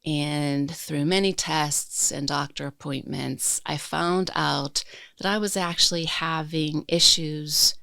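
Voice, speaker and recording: A woman podcast guest telling a personal story in a slow, reflective way, reliving the emotions. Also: low-pitched, steady tone, creaky, sharp tone, no room sound, studio quality.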